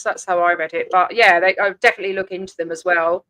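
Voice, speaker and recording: A woman hosting a casual livestream chat, animated and blunt, swearing freely and laughing quickly. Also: lowish voice, no echo. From Australia. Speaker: livestream host.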